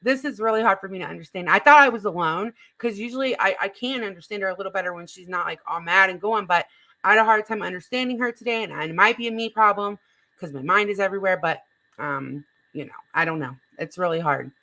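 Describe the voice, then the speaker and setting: A woman's voice: medium pitch, fast, bright, forceful tone, poor audio. A woman hosting a livestream, chatting casually and reading the chat aloud while reacting to a clip.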